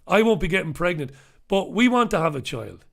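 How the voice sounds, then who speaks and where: His voice is high, sing-song, and a bit bright, with vocal fry and a brisk pace. As host of a live newspaper review, he delivers solo commentary with passion and emphasis, repeating himself for weight, speaking bluntly, and swearing at times.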